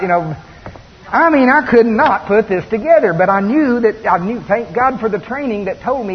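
High-voiced preacher in an echoing hall. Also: male voice, moderate pace, breathy edge. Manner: folksy, animated storytelling with laughs. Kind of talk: sermon. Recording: dull lo-fi recording with long reverb and faint hiss.

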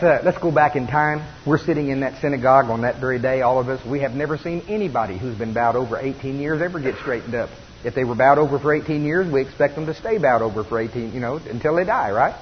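A man preaching a sermon in a folksy, animated storytelling manner, laughing as he goes. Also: mid-range voice. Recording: dull lo-fi recording with long reverb and faint hiss.

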